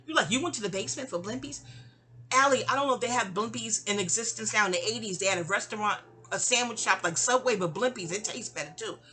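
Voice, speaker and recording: A woman, telling a personal story in a casual audio diary, animated and profane, acting out quotes with big jumps in pitch. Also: quick pace. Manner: profane, conversational asides.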